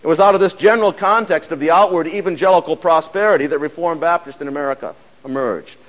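Male lecturer, fairly high voice, emphatic and measured, long hall reverb. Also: lo-fi sound. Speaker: church history lecturer.

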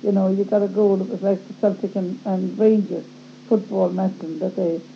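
A woman's voice: mid-range voice, little pitch movement, moderate pace, gravelly. A woman telling a personal story in a plain, wry way, recorded on a dull lo-fi tape with a faint hum. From Ireland. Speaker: speaker giving testimony.

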